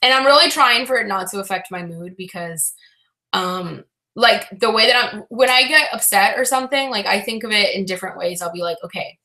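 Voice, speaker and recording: A young woman chatting casually to her live-stream viewers, rambling and frank with many fillers and restarts, sounding low and frustrated. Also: brisk, sharp tone. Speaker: reseller vlogger answering live chat.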